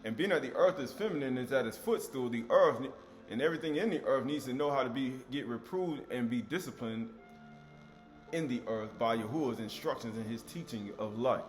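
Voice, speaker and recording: Guy teaching scripture, keeps asking questions and repeating words, soft music behind. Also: mid-range voice, lively intonation, fairly quick. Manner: emphatic, repeats key words, asks rhetorical questions.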